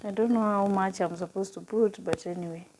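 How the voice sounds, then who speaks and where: A woman speaking in a personal vlog, earnest and heartfelt, sometimes dropping to a hush and sometimes chatty and upbeat with her viewers. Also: mid-range voice, fairly even intonation, a little fast, slight background noise, poor audio. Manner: heartfelt and earnest, with soft, hushed stretches. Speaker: vlogger and nutrition coach. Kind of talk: personal vlog talk to camera.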